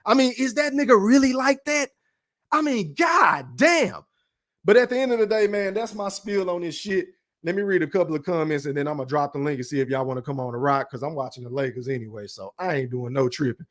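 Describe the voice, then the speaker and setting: A man with a fairly high voice rants bluntly on his own podcast. He swears freely and talks loosely, like a livestream chat. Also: quick pace. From Texas. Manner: profane, blunt, ranting. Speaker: podcast host. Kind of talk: casual boxing rant and livestream chat.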